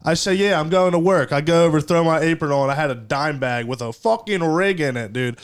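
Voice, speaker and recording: A man's voice: fairly high pitch, brisk, clear, resonant tone. A young man co-hosting a podcast, telling a rambling story in loose slang with heavy swearing. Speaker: podcast co-host. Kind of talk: casual storytelling chat.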